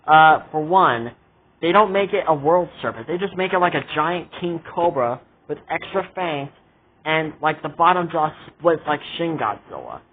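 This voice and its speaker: A man's voice: fairly high pitch, lively intonation, moderate pace, slight background noise. Indignant ranting man, tinny audio. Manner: exasperated, indignant ranting with repeated asides. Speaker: vlogger reviewing a show. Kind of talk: casual ranting commentary.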